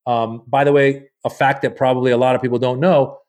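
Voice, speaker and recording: A man's voice: mid-range voice, brisk. A man, a comedian guest, telling a long story in a casual podcast chat, acting out the people he quotes in a loose, profane way. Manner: animated, acts out quoted people.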